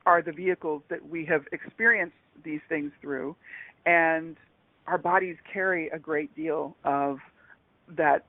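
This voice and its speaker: A woman who is a guest on a radio talk show, speaking in a rambling, halting way with many restarts. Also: low-pitched, steady tone, no room sound. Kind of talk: casual radio interview chat. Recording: dry, tinny phone-line sound.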